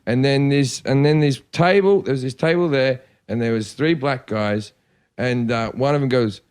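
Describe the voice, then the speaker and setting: A comedian telling rowdy stories on a podcast, animated and swearing freely. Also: male voice, mid-range voice, normal speed, clear, resonant tone. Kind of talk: casual podcast chat.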